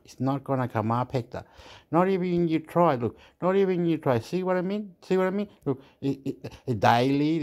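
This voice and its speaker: A man's voice: mid-range voice, darkish tone. A man rambling and swearing in a casual monologue, dropping into now and then. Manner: swearing, rambling, mixes English and Spanish.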